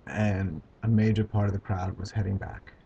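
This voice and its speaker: A man vlogging about his own experience, talking in a halting, hesitant way with many pauses and restarts. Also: fairly low pitch, gravelly, mellow, slight background noise. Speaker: video blogger. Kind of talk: casual personal recount. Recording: dull lo-fi home video sound.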